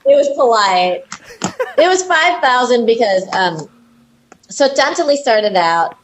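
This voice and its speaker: An American woman, a film director who is a guest on a podcast, tells her stories with a higher voice that swings widely up and down. She laughs often, swears freely and mimics the people in her anecdotes. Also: a little slow, noisy background. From United States. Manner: animated, laughing, swearing, acting out others' voices. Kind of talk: casual interview storytelling.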